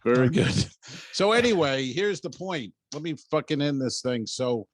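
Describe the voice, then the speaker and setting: A man's voice: on the high side, moderate pace, no room sound. A man who is a comedian and podcast host, telling stories in a casual chat, swearing and acting out dialogue. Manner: animated storyteller, swearing, acts out dialogue.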